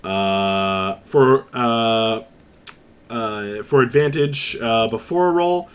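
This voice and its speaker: A man's voice: mid-range voice, slow, clean tone. A man running a live-streamed tabletop game as game master, narrating vividly with frequent fillers.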